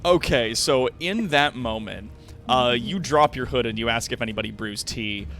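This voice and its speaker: A man's voice: medium pitch, normal speed, fairly bright tone, soft background music. A young man narrating a tabletop game as game master, casual, full of fillers and swearing.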